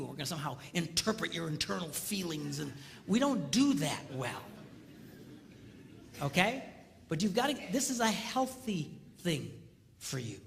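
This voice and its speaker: An older man giving a seminar talk on marriage, animated and acting out voices as he tells stories. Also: fairly high pitch, creaky, in a large hall. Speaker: speaker on marriage.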